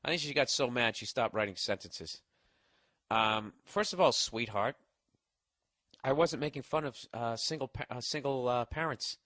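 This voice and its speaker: A man's voice: mid-range voice, normal speed, pushed and bright, no echo, clean studio sound. A man hosting a podcast, reading out listener mail in a sarcastic, profane, mocking comic rant. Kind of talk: comic ranting monologue.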